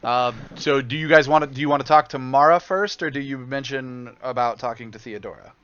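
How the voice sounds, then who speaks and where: A man narrating as game master in a casual, halting way. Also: medium pitch, fairly bright tone, clean tone, dry recording, lo-fi sound.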